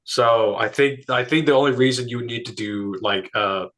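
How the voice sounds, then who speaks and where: A man's voice: medium pitch, moderate pace, a bit bright. Man musing aloud with lots of hedging. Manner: hedging, thinks aloud with many "like" fillers. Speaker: discussion participant. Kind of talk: casual technical discussion.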